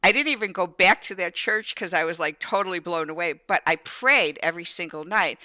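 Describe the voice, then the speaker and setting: An older woman hosting an interview show, telling her own story in an animated, candid way. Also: lowish voice, fairly quick, hardly any pauses, no echo. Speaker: show host. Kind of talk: casual interview conversation.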